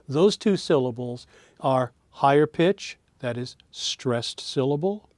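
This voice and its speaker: A man teaching a recorded lesson, speaking slowly and repeating words aloud to show their melody, with fillers and restarts. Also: mid-range voice, lively intonation, no echo, studio quality.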